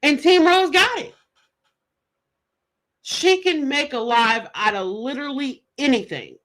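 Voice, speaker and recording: A woman's voice: high-pitched, a little slow, fairly bright tone, rough recording. A woman streamer giving sassy, teasing casual commentary. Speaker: livestream commentator.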